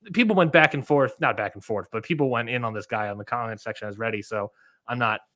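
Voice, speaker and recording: A man's voice: medium pitch, fast talker, a bit bright, no room sound, clean studio sound. A man co-hosting a wrestling podcast in casual chat, rambling with lots of fillers and restarts. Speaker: podcast co-host.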